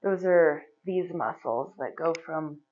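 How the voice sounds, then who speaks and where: A woman teaching a yoga class, giving relaxed, chatty instructions and laughing often. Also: deep voice, takes it slowly. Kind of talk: guiding a live yoga class. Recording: slightly dull, lo-fi recording.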